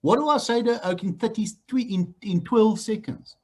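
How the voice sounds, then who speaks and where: South African trainer, middle-aged man, husky and fairly high, blunt and teasing delivery for group training. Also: normal speed. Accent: South African English. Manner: blunt, animated, teasing the room. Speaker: real estate trainer. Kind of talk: training talk to new agents.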